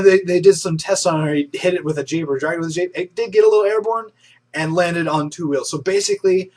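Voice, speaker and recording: Husky, excitable young male news host. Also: on the high side. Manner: chatty and enthusiastic, with frequent restarts and fillers. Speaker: host of an online news show. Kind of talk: casual news roundup.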